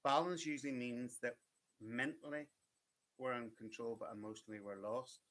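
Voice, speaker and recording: A man's voice: mid-range voice, fairly even intonation, normal speed, fairly bright tone. Chatty man reading tarot live. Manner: chatty, repetitive, reassuring, addresses viewers by name. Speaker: tarot reader. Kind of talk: live-stream one-card readings.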